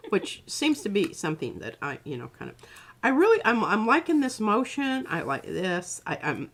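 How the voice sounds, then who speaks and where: A woman's voice: mid-range voice, very animated, a bit bright. A woman artist demonstrating on a livestream, chatting casually and thinking aloud, often trailing off mid-sentence. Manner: halting, trailing off, thinks aloud while working. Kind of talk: casual craft demo chat.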